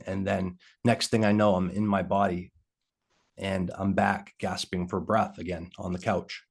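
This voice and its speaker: Guy with a really low voice, telling his story on a video call, lots of ums and pauses. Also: flat delivery, gravelly, husky. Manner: halting, heavy with fillers. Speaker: interview guest.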